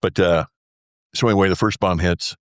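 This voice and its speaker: Older male guest, low voice, rambling storyteller, dry close sound. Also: fairly even intonation, normal speed, no room sound. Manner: rambling, full of fillers like "uh" and "anyway"; acts out remembered dialogue. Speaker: former military pilot telling his story as guest. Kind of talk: conversational storytelling interview.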